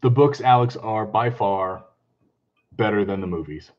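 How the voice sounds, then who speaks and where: A man chatting casually on a live stream, excitable and talkative, greeting viewers and laughing often. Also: lowish voice, unhurried, highs cut off. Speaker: comic book vlogger hosting a live stream.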